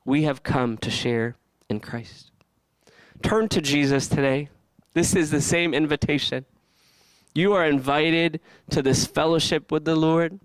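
A male pastor preaching a sermon with lively, animated delivery, often asking the listeners questions and acting out the characters he talks about. His voice sits a little high for a man and is smooth and resonant. The sound is dry and close. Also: a little slow, no room sound.

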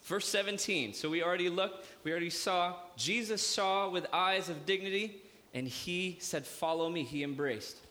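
Pastor, man, lively, joking sermon, hall reverb. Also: high voice, moderate pace. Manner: lively preaching with jokes and acted-out asides. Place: church hall.

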